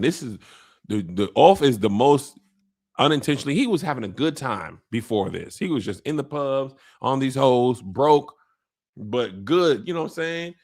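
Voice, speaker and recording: A man's voice: medium pitch, expressive, moderate pace, darkish tone. A man hosting a casual comedic TV recap, rambling and joking as he acts out the characters. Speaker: podcast host.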